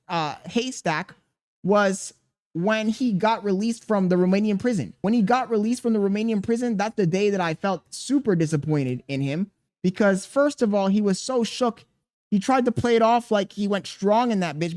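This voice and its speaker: A man streaming live and commenting on clips in an animated, exclaiming way. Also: high voice, no room sound. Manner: animated, laughing, exclaims often. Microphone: streaming studio mic.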